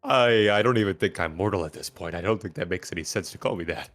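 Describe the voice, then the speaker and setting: Male player, low-voiced, wry and sarcastic banter. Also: fast, a bit bright, soft background music. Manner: joking, sarcastic. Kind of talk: casual chat.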